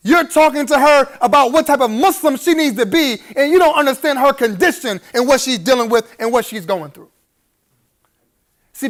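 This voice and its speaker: A man giving a live keynote speech at a gala, preacherly and humorous, chuckling through his asides and rising to emphatic appeals to the audience. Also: very high-pitched. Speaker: keynote speaker.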